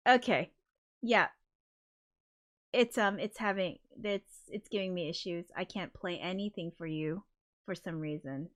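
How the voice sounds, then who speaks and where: A woman's voice: lowish voice, unhurried, long pauses. A woman hosting a casual livestream, flustered and apologetic as she talks, swearing under her breath. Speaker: livestream host.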